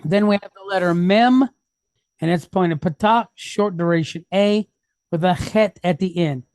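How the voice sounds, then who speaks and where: A woman's voice: on the low side, a little mellow, no room sound, clean studio sound. A woman teaching a reading lesson, patiently sounding out each syllable and checking in with the class. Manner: sounds out syllables slowly, step by step.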